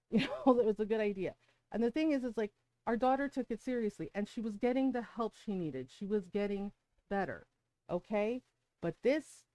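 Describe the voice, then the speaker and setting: A woman's voice: a little high, darkish tone, no echo, low-quality recording. A middle-aged woman streamer telling a personal story in casual, heated talk, often swearing and tagging "right?" onto her sentences. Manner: heated, profane, rhetorical "right?" asides. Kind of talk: casual storytelling while gaming.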